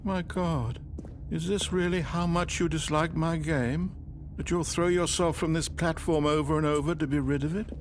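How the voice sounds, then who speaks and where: A man's voice: on the high side, steady tone, moderate pace, a little hiss or hum, close to an everyday voice. An actor voicing a pleading, wounded narrator figure in a video game, his lines played from the game. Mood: hurt. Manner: pleading, sorrowful, then gushing. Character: British male narrator, pleading, wounded, fussy.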